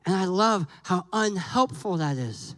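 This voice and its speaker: Guest pastor, male, very high voice, slow deliberate delivery, jokey storyteller who voices the characters in his sermon. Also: no room sound, rough recording. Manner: animated, jokey, acts out dialogue with God and Moses.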